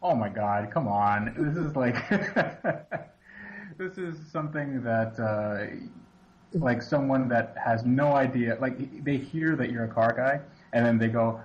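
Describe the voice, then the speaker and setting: A man's voice: medium pitch, slow. Easygoing man on a dull lo-fi line. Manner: easygoing, laughing, joking. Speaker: podcast guest. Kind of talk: casual interview chat.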